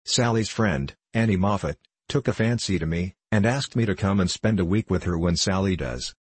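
A man's voice: low-pitched, normal speed, slightly rough, no room sound. A man reading a classic novel aloud as an audiobook narrator, giving the characters only slight shifts of voice. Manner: reads all characters in a near-plain voice with slight shifts. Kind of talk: scripted narration.

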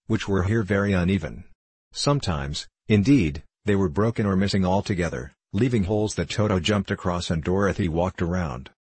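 Male audiobook reader, deep and husky, dry close-miked sound. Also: darkish tone, no echo. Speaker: audiobook narrator. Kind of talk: scripted storybook narration.

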